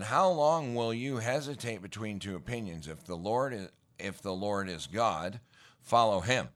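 A middle-aged man with a fairly low voice preaches a casual sermon, telling scripture stories in folksy slang and building to emphatic bursts.

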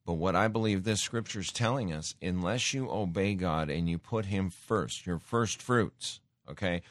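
Deep-voiced man preaching earnestly. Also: normal speed, no echo, studio quality. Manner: earnest, with many fillers and restarts. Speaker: Christian teacher. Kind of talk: sermon-style teaching.

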